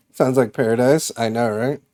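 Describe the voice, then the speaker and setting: A man's voice: mid-range voice, steady tone, unhurried, mellow. Laid-back rambling male streamer. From Massachusetts. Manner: laid-back, rambling, swears and laughs easily. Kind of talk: casual chat with live chat.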